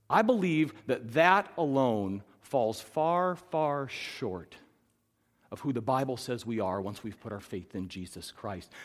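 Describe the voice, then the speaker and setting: In a church sanctuary, a middle-aged pastor with a mid-range voice swings between loud, emphatic high points and quiet, reflective stories as he preaches. His sermon is heard with the long reverb of a large hall.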